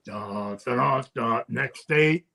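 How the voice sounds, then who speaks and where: A man's voice: medium pitch, gravelly, very noisy. An older man, a former wrestler, telling rambling anecdotes in casual podcast chat, often chuckling. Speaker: guest storyteller, former wrestler.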